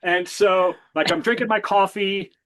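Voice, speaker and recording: A man co-hosting a music podcast, telling animated stories in a casual, enthusiastic way. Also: sits high, moderate pace, noisy background. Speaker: podcast co-host. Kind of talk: casual music chat and storytelling.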